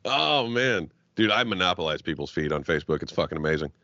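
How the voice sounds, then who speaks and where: A low-pitched man tells a rambling, profane story and acts out every quote as he goes. The audio is dull and dry, with a lo-fi podcast sound. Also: animated, quick pace, pushed and bright, no echo. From Arab heritage. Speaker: podcast guest. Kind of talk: casual storytelling.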